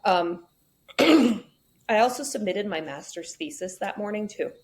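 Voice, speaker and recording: A woman's voice: mid-range voice, unhurried, darkish tone, low-quality recording. A woman in a candid interview, telling her story frankly with wry asides. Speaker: podcast guest.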